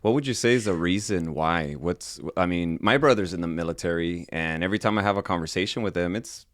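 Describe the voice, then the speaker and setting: A man hosting a podcast with a very low voice asks soft, halting questions. The recording is dry and close. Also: no room sound. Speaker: podcast host. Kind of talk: casual interview chat.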